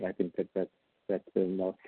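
A man from Israel speaks slowly and hesitantly at a recovery meeting. His voice is low, flat and husky. It comes through a dry, tinny phone line. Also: dry recording. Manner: slow, hesitant, many fillers. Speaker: recovery meeting member sharing. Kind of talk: brief share on a phone meeting.

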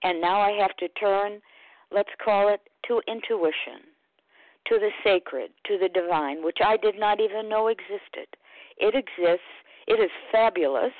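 A woman from Connecticut sharing at a recovery meeting by phone, emotional and expressive, given to exclaiming. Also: medium pitch, unhurried, no room sound. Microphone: phone call. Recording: tinny dry phone line.

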